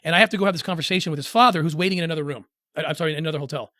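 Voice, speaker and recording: In an interview, a middle-aged male guest shares a personal story, sounding earnest and halting and restarting often as he acts out other people's voices. His voice runs on the high side, pushed and bright. The recording is dry and studio quality.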